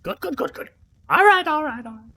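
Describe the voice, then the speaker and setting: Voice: high-pitched, expressive, vocal fry, bright, forceful tone, pitched above the performer's own voice, heavily acted. A game master putting on a bossy, motherly female dungeon master. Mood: reassuring. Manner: fussy, shooing and hurried.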